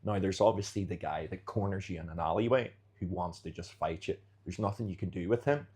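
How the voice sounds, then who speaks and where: A man's voice: sits low, fairly quick, a little mellow, husky. A man, a jiu-jitsu fighter, chatting as a podcast guest and animatedly acting out street scenarios. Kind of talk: casual interview chat.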